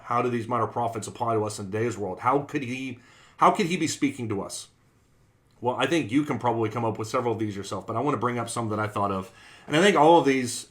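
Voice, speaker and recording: A man's voice: mid-range voice, fairly bright tone. A man preaching in a conversational Bible class style, earnest, repeating his phrases and acting out quoted sayings.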